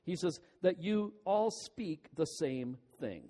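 A man preaching a sermon as pastor, earnest and pleading, stretching out key words slowly for emphasis. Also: a little high, lively intonation, dark tone. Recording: long hall reverb.

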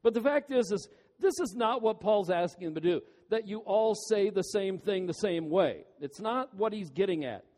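A man's voice: high-pitched, animated, normal speed, warm tone. Guy pastor giving a sermon, pleading tone, drags out the big words, echoey hall sound. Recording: long hall reverb.

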